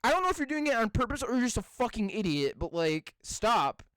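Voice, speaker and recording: A man's voice: very high-pitched, very animated, fairly bright tone, clear, resonant tone, no room sound. A young man co-hosting a podcast, swearing a lot and sounding exasperated in crude casual banter. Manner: profane, exasperated, spells words out slowly. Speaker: podcast co-host.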